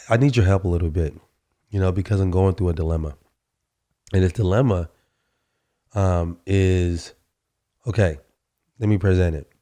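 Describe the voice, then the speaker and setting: Hoarse man hosting a casual podcast. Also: deep voice. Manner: relaxed, chatty, many fillers and restarts. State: hoarse, recovering from a sore throat. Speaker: podcast host. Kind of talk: casual solo podcast talk.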